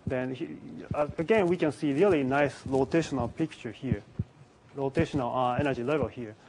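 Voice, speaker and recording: A man giving a conference lecture on physics in a symposium room, speaking haltingly with many restarts and pauses. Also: medium pitch, darkish tone, a little hiss or hum, low-quality recording.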